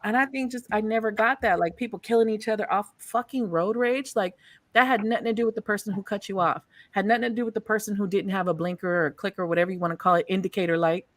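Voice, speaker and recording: A woman hosting a casual chat, telling stories in an animated, profane way and laughing often. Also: medium pitch, fast, no room sound, clean studio sound. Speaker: host.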